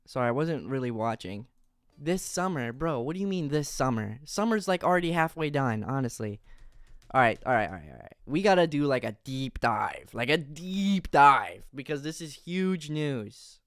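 A young man reacting live on a stream, excitable and rambling, out of breath with enthusiasm and breaking into loud bursts. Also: medium pitch, moderate pace, no echo.

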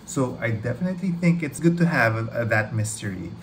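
A man hosting a trailer reaction video, gushing excitedly, rambling and swearing freely. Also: medium pitch, fairly quick, slight background noise.

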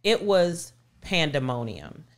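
A woman's voice: deep voice, sing-song, takes it slowly. A middle-aged woman co-hosting a podcast, animatedly retelling a story and acting out the voices of people in it. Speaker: podcast co-host. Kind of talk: casual storytelling chat.

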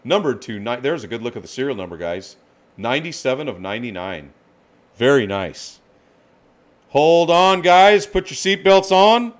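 A man hosting a live card-break stream, excitedly calling out each card and greeting viewers by name. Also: medium pitch, normal speed.

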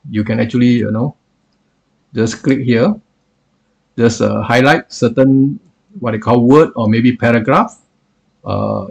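A man walks through a software tool in a tutorial, his voice gravelly with a husky edge. He explains haltingly and keeps reaching for words with filler phrases as he clicks along. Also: mid-range voice. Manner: hesitant, filler-heavy explaining. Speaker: software reviewer. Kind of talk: screen-recorded tutorial.

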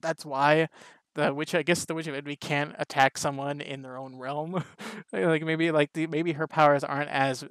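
A man's voice: fairly high pitch, fairly even intonation, moderate pace, a bit bright, smooth, dry recording. A man reviewing an anime episode in casual, rambling talk, full of "like" and restarts. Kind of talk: casual reaction commentary.

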